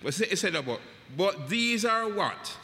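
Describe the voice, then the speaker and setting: Emphatic high-voiced male preacher, echoey hall. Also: lively intonation, measured pace, bright, forceful tone. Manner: emphatic, repeats phrases, asks the congregation questions. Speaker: preacher leading a Bible study. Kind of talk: sermon-style Bible teaching. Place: church hall. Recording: echoey hall with long reverb.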